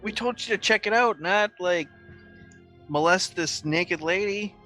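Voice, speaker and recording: A man's voice: high voice, unhurried, bright, forceful tone, faint music behind. A man playing a tabletop game, voicing skeptical banter. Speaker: player.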